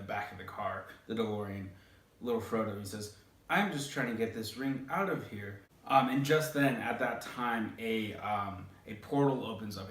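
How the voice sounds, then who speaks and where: A man hosting, casually telling a rambling story with lots of hesitant fillers, recorded in an echoey room some way from the mic. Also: fairly low pitch. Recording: roomy, distant mic.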